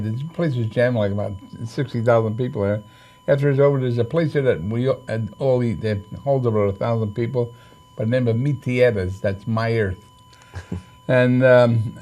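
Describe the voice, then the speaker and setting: An older boxing trainer and manager, his voice mid-range and dark, spins long, rambling stories during an interview. He fills them with fillers and restarts and acts out the lines he quotes.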